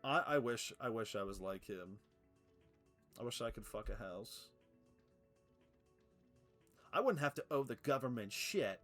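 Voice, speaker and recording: Excitable male game streamer, lively pitch. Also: a little slow, long pauses, faint music behind. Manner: excitable, swears, laughs often, coos at his cat. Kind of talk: live gameplay commentary.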